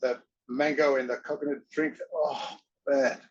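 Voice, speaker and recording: At a measured pace and medium pitch, a middle-aged actor-wrestler swaps anecdotes as an interview guest. He's animated, voicing the other characters in his stories, and the recording sounds dull and muffled.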